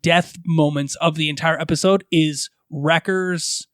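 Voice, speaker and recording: A man with a slightly raised pitch co-hosting a casual podcast. He walks through numbers step by step in a chatty, methodical way. His voice sounds dry and close to the mic. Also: fairly even intonation, unhurried, dry recording. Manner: tallies figures methodically, explaining at length. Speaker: podcast co-host. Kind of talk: casual fan podcast chat.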